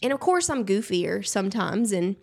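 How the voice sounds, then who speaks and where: A woman's voice: mid-range voice, normal speed, creaky. A woman from Alabama with a Southern accent, telling stories in a casual interview. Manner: expressive, animated storytelling with laughs. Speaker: guest.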